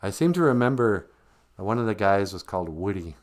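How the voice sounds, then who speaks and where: A man's voice: lowish voice, animated, fairly quick. An older man hosting a casual livestream. He reminisces, jokes and reads the chat aloud. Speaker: livestream host.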